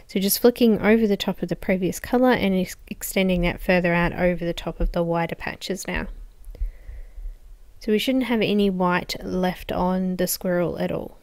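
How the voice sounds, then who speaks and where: Hoarse woman, calm tutorial voice-over, smooth and dry close-up sound. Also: fairly low pitch, moderate pace, no echo. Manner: calm, explanatory, with frequent um and so. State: slightly hoarse, losing her voice. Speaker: art tutorial host.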